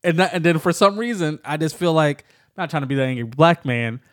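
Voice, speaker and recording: Guy co-hosting a podcast, kinda high voice, rambly and jokey, laughs a ton. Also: brisk, dry recording, clean studio sound. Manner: playful, laughs a lot, rambling. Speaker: podcast co-host. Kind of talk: joking casual chat.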